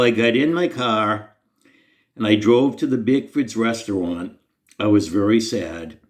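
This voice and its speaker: A man's voice: lowish voice, unhurried. A man telling a personal faith story to the camera in an earnest, conversational, self-deprecating way. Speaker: Christian storyteller.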